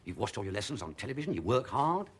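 A pompous husband. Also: male voice, fairly low pitch, big pitch swings, fast, slightly rough, heavily acted. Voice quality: fussy, pompous manner. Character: fussy, pompous suburban husband, self-important. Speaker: sitcom husband. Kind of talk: 1980s sitcom acting.

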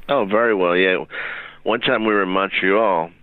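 A man's voice: low-pitched, normal speed, no room sound, phone-quality sound. A man hosting a casual comedy chat, telling rambling anecdotes with lots of fillers. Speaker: host. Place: comedy club stage.

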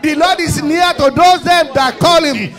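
A man with a Nigerian accent leading a fervent prayer sermon, often shouting and repeating his calls to the congregation. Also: very high-pitched, a little slow, faint music behind. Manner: impassioned, often shouting, repetitive exhortations. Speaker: pastor. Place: church service.

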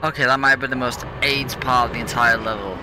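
A man's voice: mid-range voice, fairly even intonation, quick pace, background noise. A young man commentating his own gameplay, ranting and swearing in frustration at the controls. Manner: frustrated, swearing, exasperated rants. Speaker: let's play gamer.

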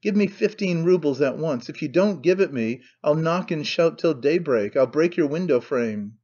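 A man's voice: fairly high pitch, lively intonation, normal speed, darkish tone. Guy doing a desperate husband barking curt demands, lo-fi muffled sound. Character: desperate blunt young husband, gruff.

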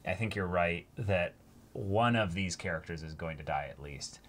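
Bright-voiced man thinking aloud. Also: sits low, moderate pace. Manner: thinks aloud, restarting and trailing into asides. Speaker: co-host. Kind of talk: casual anime reaction chat.

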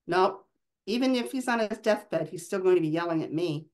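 A woman reading as a calm, breezy young man. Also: lowish voice, moderate pace, natural voice. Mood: easygoing. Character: young man, cool and unflappable charmer. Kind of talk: reading a novel aloud.

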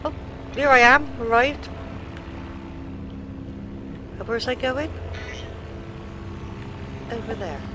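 A woman's voice: on the high side, takes it slowly, long pauses, noisy background. A British woman commentating casually on her own game, swearing and laughing at her mishaps. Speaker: game streamer. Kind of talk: casual let's-play commentary.

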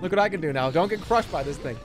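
A man's voice: a little high, lively intonation, quick pace, heavy background noise. A man in his thirties giving playful live-stream game commentary, swearing and laughing.

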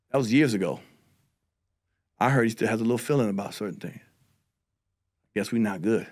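A man telling a story on a podcast, swearing and animated, acting out his own quotes. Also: fairly low pitch, a little fast, pauses often. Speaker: comedian guest.

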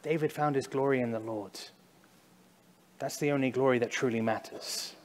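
A man preaching a sermon in a church, speaking conversationally, at times acting out loud cries and then dropping to a hushed, slow emphasis. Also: mid-range voice, fairly even intonation. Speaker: pastor. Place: church sanctuary. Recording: long church reverb.

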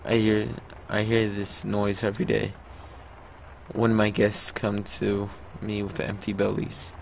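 A man voicing a kindly, wistful male innkeeper, reading the game dialogue slowly in his own voice. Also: fairly low pitch, completely flat delivery, creaky, slight background noise.

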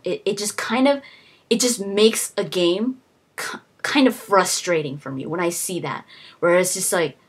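A woman's voice: fairly low pitch, breathy edge. A woman vlogging, ranting casually to camera about what she wants from games, with lots of fillers and restarts. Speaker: gaming vlogger. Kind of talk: casual opinion rant to camera.

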